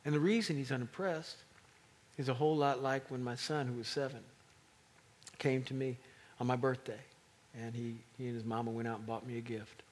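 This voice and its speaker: A middle-aged man preaching a sermon, animated and rising to emphatic peaks. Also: mid-range voice, a little fast, slight background noise.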